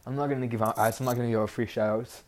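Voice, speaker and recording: A man's voice: mid-range voice, fairly even intonation, racing. A teenage boy hosting a casual solo podcast, rambling bluntly with constant "like" fillers and a frustrated edge. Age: teens. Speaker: podcast host.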